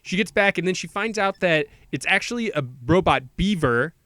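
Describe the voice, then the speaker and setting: A man co-hosting a podcast, rambling through a movie plot and slipping into quick quoted voices for the characters. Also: high-pitched, animated, sharp tone, dry recording. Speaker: podcast co-host. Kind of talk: casual movie recap chat.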